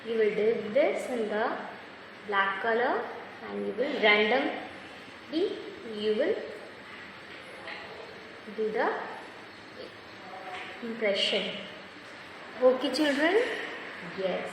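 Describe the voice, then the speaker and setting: A woman's voice: a little high, animated, noisy background. A woman, patiently giving a step-by-step craft lesson to children, praising them as she goes. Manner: slow, patient, instructive, praising often. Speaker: craft teacher. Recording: very echoey room with long reverb.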